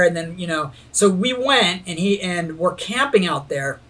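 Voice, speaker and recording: A man telling a skateboarding story in casual chat, animated, swearing freely and laughing as he goes. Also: high voice, moderate pace.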